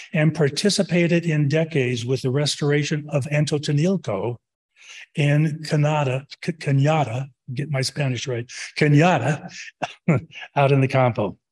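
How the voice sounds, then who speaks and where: A man's voice: fairly high pitch, a little mellow. A man introducing guest speakers at a club meeting, chatty and stumbling over names and Spanish words.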